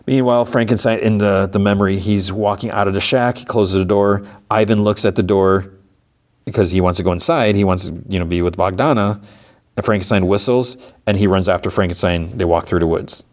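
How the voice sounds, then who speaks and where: A man's voice: lowish voice, fairly quick, darkish tone. A man hosting a podcast, casually recapping episodes in a rambling way with many restarts. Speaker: podcast host.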